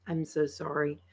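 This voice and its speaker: A woman, chatting casually with viewers on a livestream, tired and a bit croaky, laughing often and rambling with fillers. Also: low voice, mellow. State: tired, frog in her throat. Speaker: livestream host. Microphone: computer microphone.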